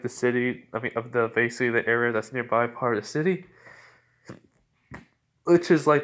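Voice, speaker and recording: A man telling a made-up fan story in a loose, rambling way. He keeps correcting himself and fills the gaps with casual fillers. His voice sits at an ordinary middle pitch. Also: a bit bright.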